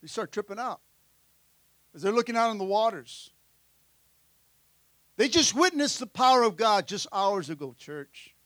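A man preaches a lively sermon in a very high, bright voice. He drives his points home with repeated calls of "amen" and bursts into the voices of the characters he describes. The sound is close and dry. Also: normal speed, pauses often, no room sound. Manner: energetic preaching, frequent "amen", acts out disciples' voices. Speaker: pastor. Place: church sanctuary.

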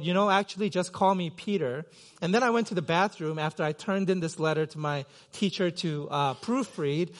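Pastor, male, middle-aged, from Korea: a relaxed, chatty sermon voice sitting high in the register, trailing off into fillers. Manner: conversational, self-deprecating with many fillers and restarts. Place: church sanctuary.

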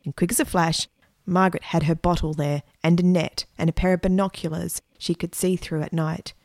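Low-voiced woman reading a story. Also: steady tone, a little fast, darkish tone, no room sound, clean studio sound. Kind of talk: reading a children's story aloud.

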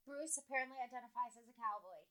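A woman co-hosting a casual chat who breaks in with quick, dry remarks. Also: a little high, bright, forceful tone. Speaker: podcast co-host.

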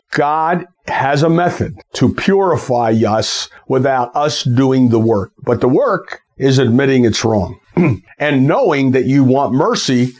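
A man's voice: on the high side, darkish tone. A man with a slightly raised voice preaches on a Bible passage. He reads the verses, then hammers home single words again and again, correcting himself mid-line as he goes. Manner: emphatic, repeats key words, stops to correct himself. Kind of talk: sermon reading and preaching on scripture.

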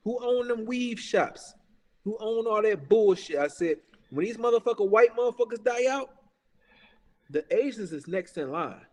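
A man with a fairly high voice rants in a casual podcast chat, heated, profane and emphatic. He keeps repeating himself and throwing in "bruh". A long reverb trails behind his voice. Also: expressive, normal speed, darkish tone. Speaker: podcast talker.

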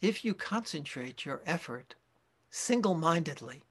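A man gives a dharma talk as a Zen teacher, taking his time and pausing to correct himself. His voice sits a bit high and sounds soft and husky. He speaks very slowly and deliberately. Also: lively intonation. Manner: slow, reflective, with pauses and self-corrections.

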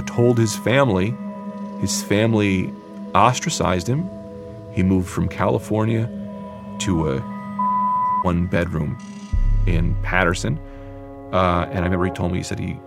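A man's voice: on the low side, vocal fry. A man, a comedian, telling a personal story in a casual, conversational way with loose phrasing.

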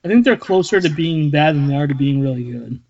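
A man co-hosting a casual sports podcast, talking in a deadpan, offhand way. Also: fairly high pitch, a little fast. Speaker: podcast co-host. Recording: dull lo-fi sound.

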